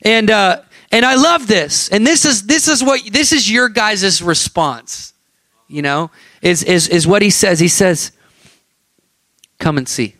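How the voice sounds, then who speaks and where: A man preaching a sermon, telling a story and acting out the dialogue with lively energy. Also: high voice, a little slow, no echo.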